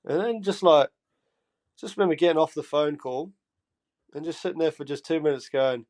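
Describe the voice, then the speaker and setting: Lively young Geordie man telling stories. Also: fairly high pitch, moderate pace, long pauses. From England. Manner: animated storyteller, swears freely, acts out quotes. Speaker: podcast guest. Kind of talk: casual storytelling chat.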